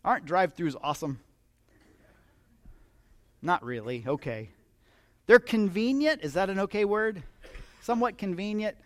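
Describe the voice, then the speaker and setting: High-voiced chatty male preacher. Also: expressive, normal speed, long pauses, no echo. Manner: chatty and humorous, asks the audience questions. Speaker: pastor. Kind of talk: conversational sermon.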